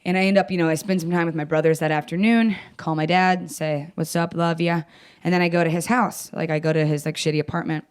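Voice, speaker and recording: A woman's voice: low-pitched, fairly even intonation, quick pace, few pauses, smooth. A young adult woman comedian telling stories in casual chat, blunt and profane, self-mocking and often laughing. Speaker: comedian guest.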